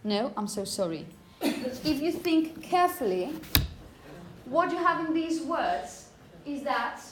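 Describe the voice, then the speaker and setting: A woman teaching phonetics to a class, saying example words slowly and often asking "okay?". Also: sits high, very animated, noisy background. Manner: repeats words slowly to model pronunciation; asks "okay?" often to check understanding. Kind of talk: classroom lecture.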